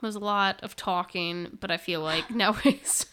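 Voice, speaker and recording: A woman's voice: medium pitch, normal speed, clear, resonant tone. Laughing woman podcast co-host. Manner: animated storyteller, laughs easily. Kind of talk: casual chat.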